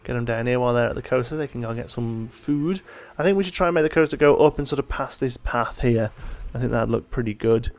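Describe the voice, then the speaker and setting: A man's voice: medium pitch, fast, hardly any pauses. A tired man hosting a let's play, casually thinking aloud as he plays, with yawns in his voice. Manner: thinking aloud, relaxed and chatty. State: tired, yawning. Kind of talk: casual gameplay commentary.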